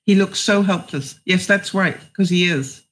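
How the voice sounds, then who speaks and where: A middle-aged woman vlogger answers her live chat on stream, reading viewers' comments aloud and offering chatty life advice to each by name. Her voice is lowish and fairly bright, and she speaks at a measured pace.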